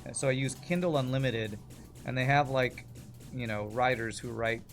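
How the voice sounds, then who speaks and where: A man's voice: mid-range voice, moderate pace, faint music behind. A man chatting casually as he streams a game, rambling and laughing often. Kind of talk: casual gameplay commentary.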